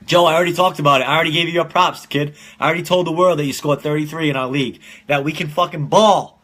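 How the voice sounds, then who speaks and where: A man's voice: a little high, fairly even intonation, fast talker, hardly any pauses, fairly bright tone. A man in his twenties hosting a casual live-streamed podcast from home, telling rambling, profane stories and laughing often. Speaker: podcast host.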